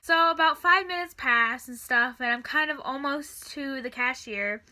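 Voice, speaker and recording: A teenage girl telling a storytime in a casual, chatty vlog, full of "like" and "and stuff", with the odd soft aside. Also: high-pitched, moderate pace. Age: teens. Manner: chatty, filler-heavy with frequent "like" and "and stuff". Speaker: vlogger.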